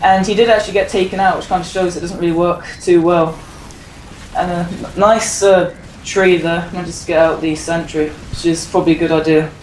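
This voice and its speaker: A man's voice: high-pitched, steady tone, brisk, recorded from a distance. English man commentating a game, echoey. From England. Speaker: guest commentator. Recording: echoey room with background noise.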